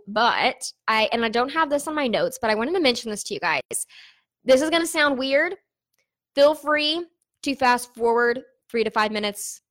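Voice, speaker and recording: A fairly bright, rather high voice belongs to a young woman vlogging straight to her audience. Chatty and candid, she sprinkles in fillers while mulling over what running an online business is like for her.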